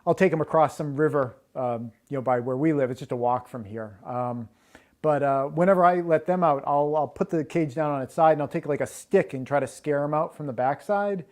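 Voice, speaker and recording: A homesteading guest explains his projects in a casual, easygoing interview, using lots of fillers. His voice is on the high side with a darkish tone, and he talks briskly.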